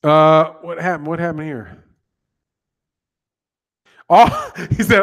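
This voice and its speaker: Laid-back male host with a higher-pitched voice, casual joking chat with viewers. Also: slow pace, pauses often. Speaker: boxing channel host.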